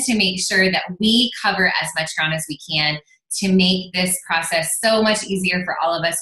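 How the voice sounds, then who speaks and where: Upbeat woman host, echoey room. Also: medium pitch. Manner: upbeat, excited. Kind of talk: casual livestream intro.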